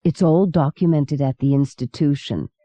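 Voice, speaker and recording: A woman's voice: deep voice, moderate pace, dark tone, no echo. Flora, a woman narrator voicing an eerie old woman. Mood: calm, knowing. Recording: dull lo-fi cassette recording.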